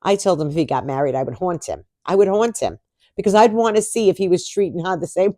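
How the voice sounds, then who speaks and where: A woman's voice: fairly low pitch, expressive, fast, warm tone, no echo, clean studio sound. A woman vlogger talking casually to camera, chatty and sarcastic, laughing often.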